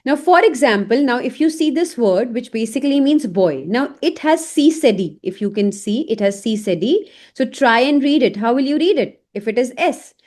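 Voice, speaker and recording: A woman teaching an online French lesson in English, speaking slowly and saying each example word several times. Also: a little high, expressive, darkish tone.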